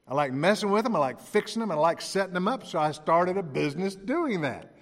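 A man delivers a sermon in a fairly high voice, acting out the dialogue in his stories and chuckling as he goes. His voice carries a long reverberant tail from a large hall. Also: very animated, a little fast. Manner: storytelling with acted-out dialogue and chuckles. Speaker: preacher.

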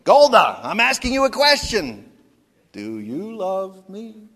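Casting note: a preacher putting on a blustery, nervous middle-aged father, pitched up and pleading, with hall echo. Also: huge pitch swings, takes it slowly, pushed and bright, heavily acted. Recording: long hall reverb.

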